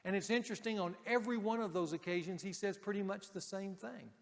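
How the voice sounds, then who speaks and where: A man preaching a sermon to a men's group, speaking emphatically and dropping to a hush on key points. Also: high-pitched, steady tone, fast talker, gravelly, big-room sound.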